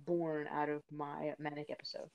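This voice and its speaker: A woman's voice: deep voice, little pitch movement, normal speed, a crowd in the background. A young woman from South Florida hosting a casual podcast chat, rambling off on tangents and swearing freely. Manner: rambling, swears, says "you know what I mean" often. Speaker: podcast host.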